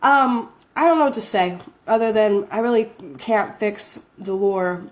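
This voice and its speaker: A woman's voice: mid-range voice, unhurried. A woman talks casually to her phone camera, drifting from thought to thought. She is self-mocking and laughs often between lines. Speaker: vlogger.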